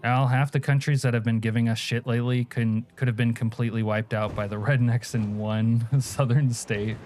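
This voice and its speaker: An Alaskan man plays a game on stream and talks casually with viewers in a crude, joking way, responding to chat and laughing often. His medium-pitched, slightly mellow voice has fairly even intonation and a moderate pace, with a little background noise.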